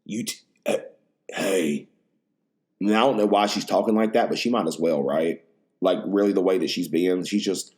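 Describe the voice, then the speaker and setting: A man's voice: deep voice, normal speed. A man hosting a podcast in casual chat, rambling, profane and full of slang. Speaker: podcast host.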